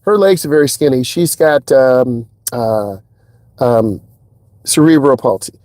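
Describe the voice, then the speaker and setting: A man's voice: measured pace, no echo. Chatty male driving instructor. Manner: animated storyteller, acts out quotes in a higher voice. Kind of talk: casual vlog talk. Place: inside a car.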